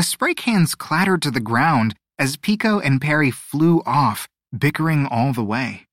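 A man narrating a storybook audiobook, expressive and measured. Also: on the high side, no room sound, studio quality. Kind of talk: scripted narration.

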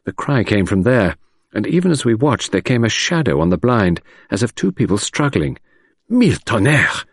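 Husky man narrating an audiobook. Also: on the low side, big pitch swings, moderate pace, dry recording, studio quality.

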